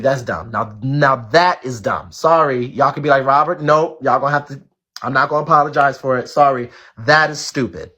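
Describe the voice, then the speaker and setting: A man's voice: mid-range voice, fairly bright tone. A man hosting a live stream, talking straight to his viewers in blunt, outspoken commentary, swearing freely and repeating his points for emphasis. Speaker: live-stream show host.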